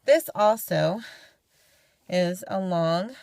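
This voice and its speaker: A woman's voice: lowish voice, extremely slow, creaky, darkish tone, dry recording. A young woman from California giving a casual how-to tutorial at home, chatty and homey with playful asides. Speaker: vlogger demonstrating head covering.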